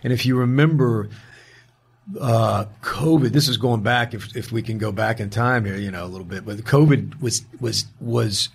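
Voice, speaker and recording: A man being interviewed as an actor guest, telling an animated story in a casual way, quoting the people in it and restarting his sentences often. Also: fairly low pitch, normal speed, vocal fry, breathy edge.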